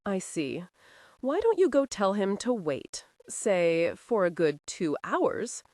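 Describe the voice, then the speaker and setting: A woman's voice: mid-range voice, very animated, slow pace, a little mellow, dry recording, studio quality. A woman voicing a brooding, short-tempered young nobleman who talks in a curt, commanding way in an audiobook.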